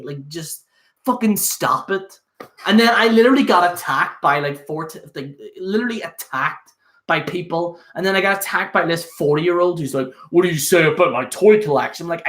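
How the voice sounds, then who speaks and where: A young man chatting loosely to his stream audience. His voice sits a little high for a man, and he rambles on in casual, sweary talk full of fillers. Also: fairly bright tone. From Northern Ireland. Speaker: host. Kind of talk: casual solo livestream chat.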